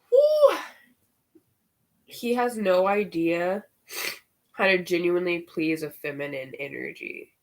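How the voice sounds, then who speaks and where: Swearing and using slang without restraint, a tarot reader chats candidly through a casual spiritual reading, growing animated over the cards. She speaks in a lowish, slightly bright voice.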